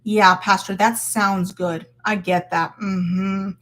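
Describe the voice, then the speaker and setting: A woman giving an informal Christian devotional talk, candid and expressive, laughing as she goes. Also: medium pitch, takes it slowly.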